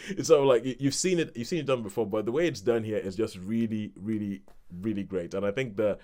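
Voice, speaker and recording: A man's voice: fairly low pitch, fast talker, dark tone. A man co-hosting a podcast, chatting casually and rambling through a review with laughs between points. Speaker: podcast co-host.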